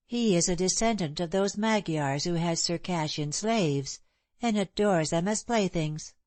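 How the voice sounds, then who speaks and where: Proud headstrong young woman read by a lady narrator, low-ish voice, dry sound. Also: measured pace, darkish tone, dry recording, natural voice. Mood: defiant. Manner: impetuous, proud. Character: bold, scornful young woman, free-spirited. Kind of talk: audiobook character reading.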